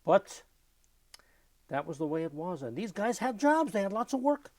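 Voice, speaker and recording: Older new guy spinning stories, gravelly, kinda high voice, dry sound. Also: moderate pace, no room sound. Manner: lively anecdotal, imitates sounds and voices. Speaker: interviewee, musician. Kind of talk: oral history storytelling.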